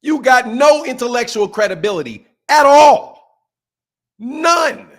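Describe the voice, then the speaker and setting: A middle-aged man rants as host of his boxing show, mocking his critics with a steady stream of profanity. His voice sits fairly high and leaps around in pitch, swinging from loud outbursts to muttered asides. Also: slow pace. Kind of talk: ranting commentary.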